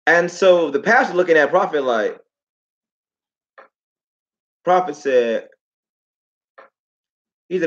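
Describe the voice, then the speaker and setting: A man hosting a casual livestream talk, telling stories with lots of repeated phrases and animated asides. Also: on the high side, takes it slowly, long pauses, muffled recording. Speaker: host.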